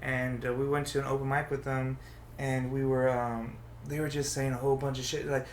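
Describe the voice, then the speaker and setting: A man hosting a casual podcast chat, quick and excitable, swearing casually. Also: mid-range voice, a little hiss or hum. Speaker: podcast host. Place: podcast studio. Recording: roomy studio sound.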